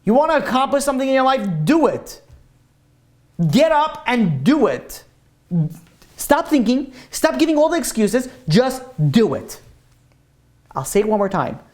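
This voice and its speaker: Emphatic rabbi, casual and repetitive. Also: male voice, very high-pitched, sing-song, unhurried, long pauses, darkish tone. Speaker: rabbi teaching a class. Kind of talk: informal Torah class.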